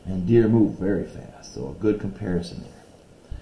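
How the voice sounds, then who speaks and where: Gravelly, dark-voiced male teacher. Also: sits low, animated, a little hiss or hum. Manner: patient, explains step by step, reads poem lines aloud slowly. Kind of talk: recorded classroom lesson video.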